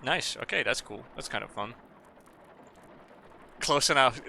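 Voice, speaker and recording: A man's voice: mid-range voice, expressive, takes it slowly, vocal fry, long pauses, a little mellow. A man streaming a game who chats casually, rambles, jokes and swears. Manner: profane, rambling, joking. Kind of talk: casual gaming stream chat.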